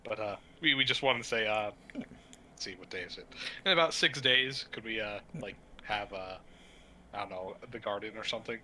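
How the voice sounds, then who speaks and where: A man's voice: lowish voice, brisk, sharp tone, a little hiss or hum, pitched below the performer's own voice. A man voicing a small, friendly young woman adventurer who rambles eagerly with many fillers.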